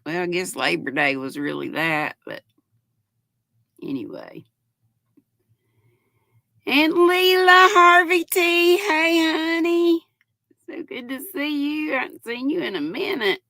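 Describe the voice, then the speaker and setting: An older woman in her sixties hosts a relaxed livestream, reading comments aloud and greeting each viewer as sweetheart or honey. Her voice is gravelly and cracks at times, with a bright edge and an unhurried pace. The sound is close and dry. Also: high-pitched, no echo. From North Carolina. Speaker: livestream host.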